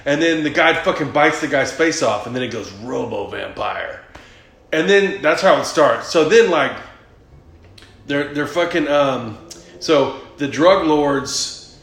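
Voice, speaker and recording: A male podcast host with a mid-range, fairly bright voice retells a movie plot in casual chat, rambling, swearing, and laughing often. The room is echoey.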